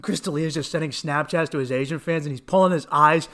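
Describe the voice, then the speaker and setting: A man with a high voice hosts a solo comedy podcast, ranting in a loose, profane stream and cracking himself up along the way. He sniffles now and then from allergies, veering between bursts of mock outrage and muttered asides. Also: fast talker, pushed and bright. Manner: profane, ranting, laughs at own jokes.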